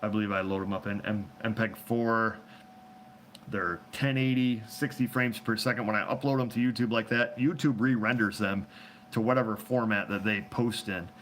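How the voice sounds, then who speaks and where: Low-voiced guy rambling and cracking jokes on a phone livestream, bit of background hiss. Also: fairly even intonation, moderate pace, fairly bright tone. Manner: rambling, joking, laughs often. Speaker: host answering viewer questions. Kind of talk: casual live chat.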